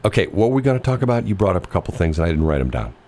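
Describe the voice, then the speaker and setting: Brief: deep-voiced male radio host, lively storyteller. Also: rapid-fire. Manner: animated storyteller, mimics voices. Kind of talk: casual radio banter.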